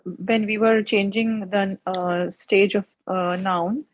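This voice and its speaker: A woman's voice: medium pitch, steady tone, takes it slowly, dry recording, dull audio. Hesitant woman student asking. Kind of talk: asking in an online class.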